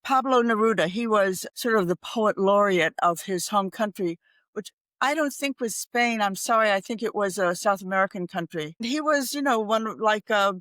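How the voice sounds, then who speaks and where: An older woman, a reflective podcast guest who now and then recites lines of poetry and laughs easily. Her voice sits at a middle pitch and is recorded dry and close, with no room sound. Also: moderate pace, fairly bright tone, dry recording. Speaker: guest expert. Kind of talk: podcast interview. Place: home in Ireland.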